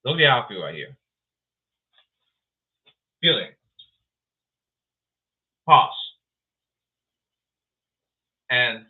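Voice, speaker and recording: A man hosting his own podcast, talking through sports clips in a rambling, excitable way and repeating himself. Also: mid-range voice, slow, pauses often, slightly rough. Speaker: podcast host. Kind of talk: casual solo podcast commentary. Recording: tinny phone-like sound.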